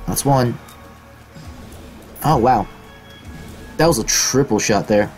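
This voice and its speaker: A man's voice: mid-range voice, slow, long pauses, soft background music. A young man commentating his own gameplay, swearing often, mocking his own skill and yelping when hit. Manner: profane, self-deprecating, excitable yelps. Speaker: gaming video host. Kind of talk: let's play commentary.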